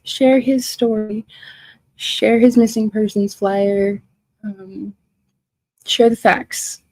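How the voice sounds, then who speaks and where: A woman's voice: on the high side, mellow, dry recording, rough recording. A woman hosting a livestream who reads out viewers' comments and answers them with emotion and confrontation. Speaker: livestream host. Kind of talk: casual livestream chat reading viewer comments.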